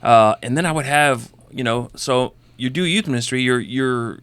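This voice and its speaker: A man co-hosting a podcast in relaxed casual chat, with a wry manner. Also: medium pitch, moderate pace, smooth, dry recording. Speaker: podcast co-host.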